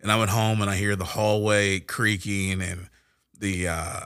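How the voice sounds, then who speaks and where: A man co-hosting a faith-based podcast, an animated storyteller who gets loud and high when excited. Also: measured pace, clean tone, dry recording, studio quality. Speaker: podcast co-host. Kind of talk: casual faith-based discussion.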